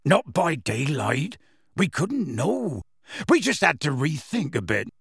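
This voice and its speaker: A big, warm-hearted half-giant gamekeeper, as a male audiobook reader puts him on, spinning his tale in rough dialect with clear relish. The voice is gravelly and husky, and it rises and falls with lively pitch. It sits close and dry. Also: slow pace, dry recording, exaggerated voice. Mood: gruff storytelling. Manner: rough dialect speech, dropped sounds, storytelling relish. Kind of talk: audiobook character reading.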